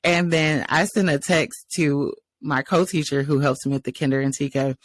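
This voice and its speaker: This woman's voice sits low and moves at a moderate pace. Co-hosting a podcast, she tells a lively work story over a podcast microphone, laughing along and voicing the other people involved in a casual, chatty way.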